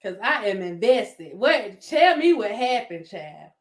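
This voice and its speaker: A woman with a Southern American accent hosts a casual YouTube commentary vlog, sassy and laughing often as she addresses her viewers. She speaks slowly at medium pitch, with big swings in pitch.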